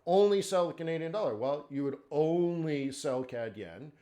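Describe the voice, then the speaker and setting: A man with a slightly high, warm voice teaches forex trading during a live webinar, speaking at a moderate pace with animation. He talks conversationally, poses rhetorical questions, and often checks in with "okay?" and "right?".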